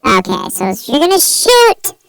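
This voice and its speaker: A man's voice: extremely high pitch, huge pitch swings, normal speed, gravelly, music in the background, pitched above the performer's own voice, exaggerated voice. A man doing a voice of a crude, bossy male friend laying down rules while driving.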